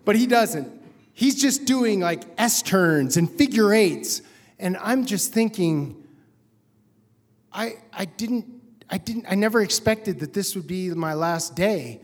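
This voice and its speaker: A man telling a personal story live on stage, excitable and animated, chuckling as he goes. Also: high voice, slow pace. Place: theater stage. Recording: long reverb of a live stage.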